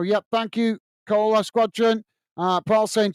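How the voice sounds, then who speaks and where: This British host runs a live football watch-along, calling the action and talking with viewers, frequently addressing them as mate amid lots of fillers. He speaks in a high, steady, unhurried voice with a clean tone and no room sound, moving between match commentary and chat reading.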